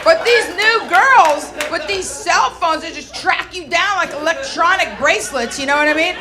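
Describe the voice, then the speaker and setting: A woman's voice: very high-pitched, expressive, moderate pace. A middle-aged woman doing stand-up, brassy and punchy, talking straight to the audience. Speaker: stand-up comedian. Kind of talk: stand-up comedy set. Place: comedy club stage with a laughing audience. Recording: live club recording, noisy crowd.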